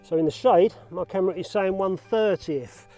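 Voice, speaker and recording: A man's voice: sits high, moderate pace, dark tone, soft background music. A man vlogging casually outdoors in fields about film photography, chatty and self-deprecating, out of breath from cycling. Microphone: action camera.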